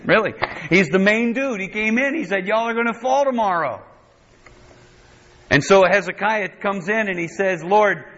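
Male preacher, mid-pitched, animated storytelling delivery with folksy asides, slightly dull lo-fi recording. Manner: animated, acts out quotes in higher voice, folksy asides. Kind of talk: sermon.

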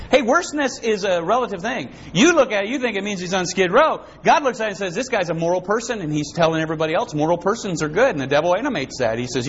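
A pastor preaching a sermon, swinging between loud, dramatic lines and hushed ones. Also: male voice, high voice, expressive, quick pace, hardly any pauses, breathy edge. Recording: dull lo-fi with faint hiss.

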